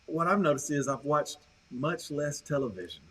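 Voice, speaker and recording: A man co-leading a church Bible study, talking through it in a relaxed, conversational way. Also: fairly high pitch, normal speed, slightly rough, far from the mic, low-quality recording. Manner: conversational, relaxed with restarts and laughs. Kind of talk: casual livestream discussion.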